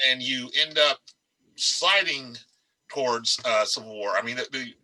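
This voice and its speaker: A man speaking on an authors' panel over a video call. His voice is very bright and sharp, and his delivery is animated and emphatic. He rambles a little and restarts his sentences as he goes. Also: medium pitch, a little slow, rough recording. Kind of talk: casual panel discussion. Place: darkened room.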